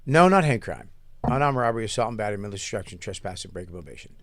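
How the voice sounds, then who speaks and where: A man's voice: on the low side, lively intonation, rapid-fire, a bit bright, no room sound. Middle aged guy cohosting a podcast, swears a lot, keeps restarting, dry close mic. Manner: loose, profane storytelling with restarts. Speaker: podcast co-host. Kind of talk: casual chat, storytelling.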